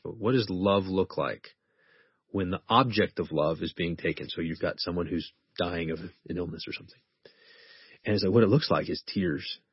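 Earnest male professor guest, low husky voice, reads scripture with deliberate weight; dry, dull recording. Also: no room sound. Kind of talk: conversational teaching on faith.

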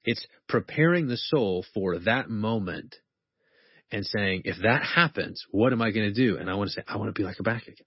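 Low husky-voiced man teaching earnestly. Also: expressive, no room sound, highs cut off. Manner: earnest, quotes scripture slowly and deliberately. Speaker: professor and author, guest. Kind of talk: conversational teaching on faith.

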